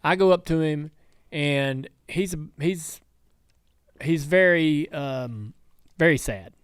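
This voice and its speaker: A man's voice: fairly high pitch, takes it slowly, clear, resonant tone, dry recording. A man hosting a casual studio talk show, telling rambling stories with many restarts. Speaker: podcast host and team owner. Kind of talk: casual chat.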